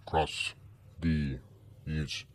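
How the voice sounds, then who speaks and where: A man's voice: very deep voice, flat delivery, heavily acted. A man chanting as an alien singing a strange message. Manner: slow chanted nonsense words.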